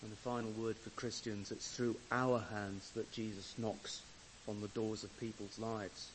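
A man preaching a sermon with measured, deliberate pauses, who swells to emphatic loudness when he reads scripture. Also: on the low side, flat delivery, slight background noise, poor audio. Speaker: pastor.

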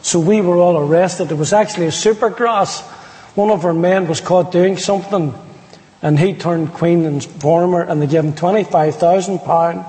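A man's voice: high-pitched, warm tone. A man with an Irish accent giving his testimony as a preacher, telling his story with humor and quoting people. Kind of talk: storytelling sermon. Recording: long hall reverb.

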